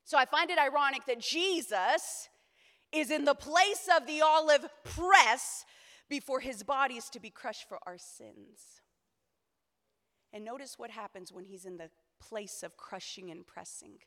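High-voiced woman preaching with shouted peaks. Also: measured pace. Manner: swings between shouted high climaxes and quiet low asides; humorous, conversational asides to the congregation. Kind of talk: sermon. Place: church conference hall.

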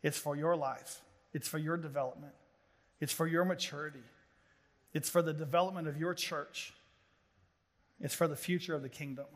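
A middle-aged man preaching a sermon to a gathering of pastors, telling animated stories with jokes. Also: on the high side, normal speed, pauses often. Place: large hall before an audience of pastors. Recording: long hall reverb.

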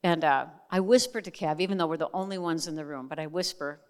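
A woman's voice: low-pitched, fast, smooth, big-room sound. A middle-aged woman giving a testimony sermon as a Christian speaker, talking candidly with chatty asides. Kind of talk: testimony sermon to a live audience.

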